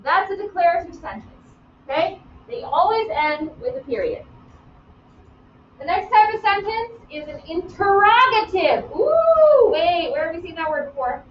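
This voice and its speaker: A woman teaching grammar in a live online class, lively and playful, calling on students by name. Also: very high-pitched, moderate pace, slight background noise. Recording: roomy, distant, dull sound.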